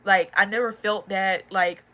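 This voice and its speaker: A young woman giving a personal testimony, earnest and halting with many fillers and restarts, audibly emotional. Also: mid-range voice, steady tone, bright, forceful tone. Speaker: faith and motivation vlogger.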